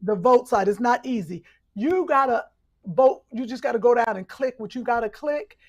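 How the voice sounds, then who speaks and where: A woman co-hosting a podcast in casual chat, playful and teasing, who breaks into sudden loud outbursts. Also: fairly high pitch, expressive, moderate pace. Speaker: podcast co-host.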